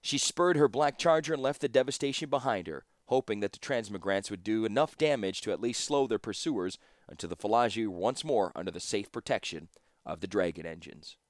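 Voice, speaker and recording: Low-voiced male audiobook narrator. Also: expressive, fairly quick, dry recording, studio quality.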